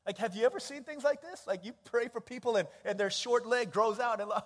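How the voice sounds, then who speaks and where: A male pastor preaching in a church sanctuary, with a fairly high voice. He tells stories with animated energy, acting out the people in them and dropping from loud to hushed. The sound carries the long reverb of a big hall. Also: a little fast. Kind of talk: sermon.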